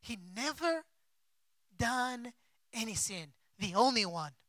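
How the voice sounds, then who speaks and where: A man preaching a sermon as a pastor, with impassioned delivery and big swings between soft and loud. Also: very high-pitched, expressive, slow, dry recording. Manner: acts out quoted figures in his own voice. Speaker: pastor and missionary.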